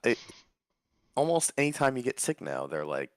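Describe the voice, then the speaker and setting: Man, sore throat, gravelly low voice, lively pitch, casual chat. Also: normal speed, no room sound, clean studio sound. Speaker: guest on livestream.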